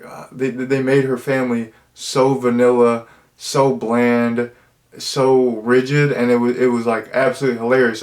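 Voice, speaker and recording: A man giving a casual spoken movie review, rambling, with many fillers and false starts. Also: mid-range voice. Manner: rambling, full of fillers and restarts.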